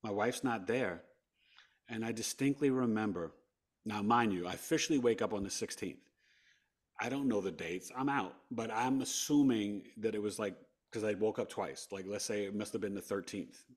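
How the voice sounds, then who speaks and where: A man from New York, a podcast guest, telling a personal story with big swings between hushed and loud delivery. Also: on the low side, normal speed, breathy edge.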